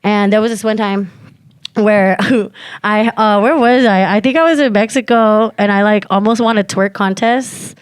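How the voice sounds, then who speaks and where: A woman's voice: medium pitch, measured pace, clean tone, dry recording. A young woman and podcast co-host telling a story in casual slangy chat, acting out quotes and using lots of fillers. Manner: animated, slangy, many fillers, acts out quotes.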